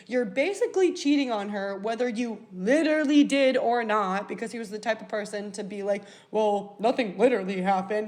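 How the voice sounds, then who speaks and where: A woman in her twenties hosting a podcast, telling a personal story in a casual, animated way, swearing freely and acting out what people said. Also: medium pitch. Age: 20s. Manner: animated, swears freely, acts out quoted voices. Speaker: podcast host.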